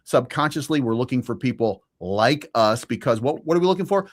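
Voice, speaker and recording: A man's voice: mid-range voice, expressive, a little fast. A man co-hosting a live stream, giving his opinions in a casual political debate, with frequent restarts. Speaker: stream co-host.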